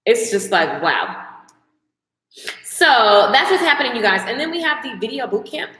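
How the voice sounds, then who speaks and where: Lady live streaming, chatty and emphatic, bright voice, kinda echoey. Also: fairly high pitch, very animated, moderate pace. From American South. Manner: chatty and emphatic, talks straight to viewers. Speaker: makeup and mindset coach. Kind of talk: casual livestream chat.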